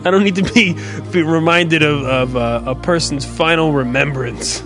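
A man co-hosting a podcast in casual, profane banter, rambling and animated as he tells stories. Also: fairly high pitch, normal speed, over music. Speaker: podcast co-host.

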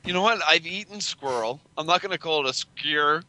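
A man's voice: a little high, a little fast, a crowd in the background, rough recording. A man co-hosting a podcast, dropping wry, playful remarks in casual chat.

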